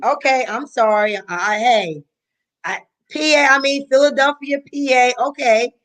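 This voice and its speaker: A woman from New Jersey hosting a live online talk, speaking casually and warmly with many pauses and ums over a video call. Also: high-pitched. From Paterson, New Jersey, US. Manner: soft-spoken, many ums, heartfelt. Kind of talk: casual live-stream chat.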